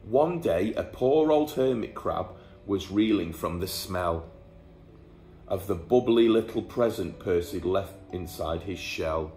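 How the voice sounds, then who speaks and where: A man reads a rhyming bedtime story aloud with a playful touch, his voice on the lower side and unhurried. The room has a clear echo, and music plays faintly behind him. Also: expressive, mellow. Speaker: teacher reading aloud. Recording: echoey room.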